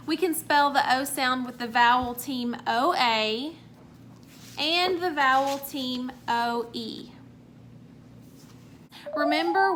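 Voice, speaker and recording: A woman teaching a recorded phonics lesson to young children, sounding out words slowly and clearly and praising each answer. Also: high-pitched, fairly bright tone, a little hiss or hum.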